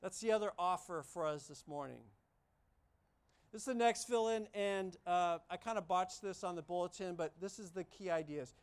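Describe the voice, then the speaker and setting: During a church service, a pastor with a clean, mid-range voice at normal speed preaches emphatically, repeating key phrases and putting many questions to the congregation.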